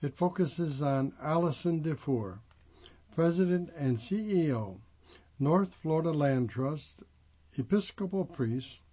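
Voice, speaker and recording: A man reading a magazine profile aloud in the first person, with a plain, steady delivery and pauses between phrases. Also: on the high side, slightly rough, dull audio.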